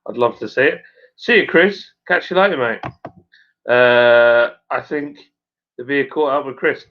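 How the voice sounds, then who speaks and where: A man with a broad Suffolk accent, hosting a relaxed live stream at home and reading out viewer comments in a rambling, matey way with plenty of fillers. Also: medium pitch, measured pace. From Suffolk, England. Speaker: stream host and brewer. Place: at home by the fire. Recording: dull lo-fi sound.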